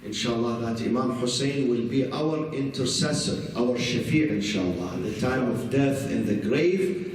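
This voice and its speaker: A man's voice: mid-range voice, normal speed, far from the mic, a little hiss or hum. A man giving a religious lecture as an imam, telling a story earnestly and weaving Arabic religious terms into his English. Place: banquet hall. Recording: echoey hall, recorded from afar.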